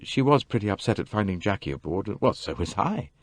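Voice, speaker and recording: A man's voice: on the low side, very animated, dry recording. A man reading an audiobook, voicing a bewildered, injured young man who stammers and halts. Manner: stammering, halting. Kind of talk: audiobook character voice.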